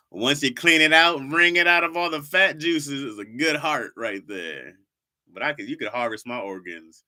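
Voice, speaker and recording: A man with a low but bright, forceful voice chats casually with viewers on a livestream. His pitch swings widely as he teases them and repeats words for comic effect. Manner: talks straight to viewers, says "y'all" a lot. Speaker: livestream host.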